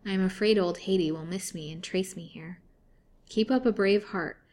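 A woman voicing a gentle but brave young girl in a storybook reading. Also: mid-range voice, moderate pace, natural voice.

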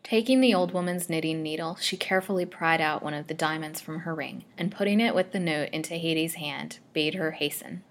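A woman storyteller with a low voice reads a chapter of an old serial novel aloud. Her delivery is steady and measured. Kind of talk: scripted narration of a serial novel.

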